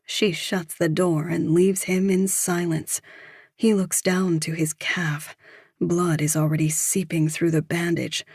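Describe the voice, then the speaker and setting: A woman reads a thriller audiobook in a measured, even style. Her voice sits low and slow with a breathy, husky edge. The recording is dry and close. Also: dry recording. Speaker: audiobook narrator. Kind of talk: scripted narration.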